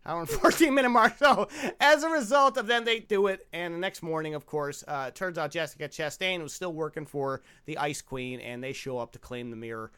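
A man hosts a comedic movie-review podcast with a bright, forward voice. He jokes and teases his co-hosts and laughs often while talking into a podcast mic. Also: a little high, a little fast, hardly any pauses, clean tone. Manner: jokey, laughing, teasing asides. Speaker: podcast host. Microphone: podcast microphone.

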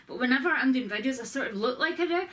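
A woman's voice: high voice, expressive, fast talker, pushed and bright. A woman vlogger chatting casually from her bedroom, rambling and self-deprecating as she shows off a shopping haul. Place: bedroom at home. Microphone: camera with ring light.

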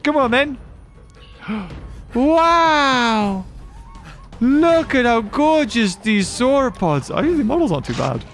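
A man giving excitable, sarcastic let's-play commentary as a gaming YouTuber. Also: very high-pitched, moderate pace, creaky. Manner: excitable and sarcastic, with frequent exclamations.

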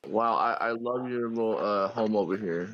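A man's voice: fairly low pitch, moderate pace. A young man joining a friend's gaming session, cracking jokes and rambling with lots of fillers. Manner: joking, rambling with many uh fillers. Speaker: guest gamer. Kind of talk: casual gaming chat. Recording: dull lo-fi home mic.

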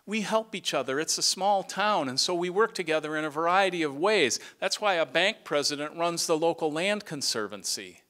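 A middle-aged man giving an earnest farewell speech as a retiring director, sometimes halting and restarting. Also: a little high, lively intonation, bright, forceful tone.

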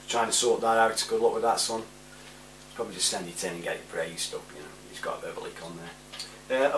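A chatty man in his forties rambles through shout-outs in a lowish voice, chuckling as he goes. He sits some way back from the mic in a roomy space, and a faint hum runs underneath. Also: distant mic. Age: 40s. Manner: rambling, chatty, laughs often. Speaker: vlogger. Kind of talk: casual shout-outs monologue.

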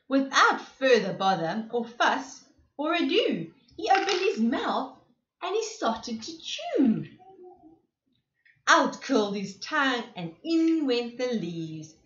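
A woman reads a rhyming picture book to little children in a slow, animated way, often stopping to ask them questions. Her voice sits fairly high and swings widely. The room is echoey and the sound slightly dull. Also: slight background noise. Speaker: preschool presenter.

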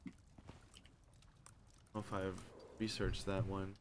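A man's voice: sits low, level tone, a little slow, background noise. A man chatting casually and easily while playing a co-op game with a friend. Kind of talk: casual co-op gaming chat.

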